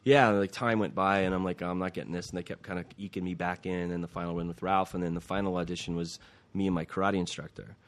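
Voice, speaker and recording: A middle-aged actor, guesting in a casual interview, tells a story animatedly and acts out the lines he quotes. His voice is low-pitched and fast.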